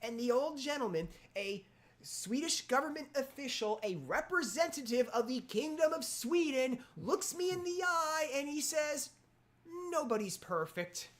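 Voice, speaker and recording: A woman in casual chat, telling anecdotes with animated, lively quoted reactions. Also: high-pitched, moderate pace.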